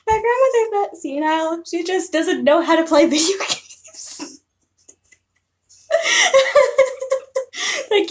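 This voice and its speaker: A young woman streaming a casual chat, excitable and giggly, often bursting into shouts. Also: very high-pitched, takes it slowly, pauses often, slight background noise. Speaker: live streamer.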